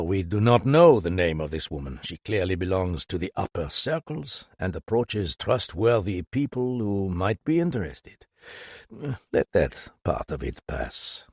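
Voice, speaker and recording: A man's voice: low-pitched, dry recording, clean studio sound, exaggerated voice. A man voicing a shrewd police magistrate in an audiobook, probing and pointed. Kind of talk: audiobook character voice.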